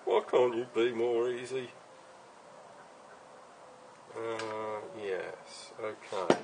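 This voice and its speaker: British guy talking through his build, lots of ums, relaxed and rambly, bit of hum in the back. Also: medium pitch, extremely slow. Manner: rambling, easygoing, many ums and uhs. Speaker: hobbyist builder. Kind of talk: casual workshop build vlog.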